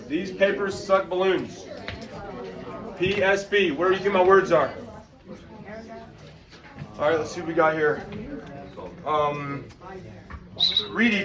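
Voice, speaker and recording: High voiced guy teaching a class, loud and slangy, mic kinda far off. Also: takes it slowly, pauses often, a crowd in the background. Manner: energetic, slangy, calls on students. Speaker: high school history teacher. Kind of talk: classroom lecture.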